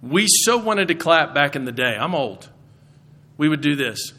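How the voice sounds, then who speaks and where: A man's voice: a little high, expressive, normal speed, noisy background. A middle-aged man, a Bible professor, giving a humorous chapel talk from the stage, telling stories and acting out the voices of people he quotes.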